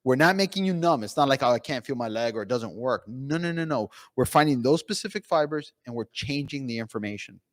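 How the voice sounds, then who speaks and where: In a conference room, a man speaking as a pain physician tells patient stories animatedly, with many fillers and restarts. His medium-pitched voice is brisk with few pauses, and there's no echo.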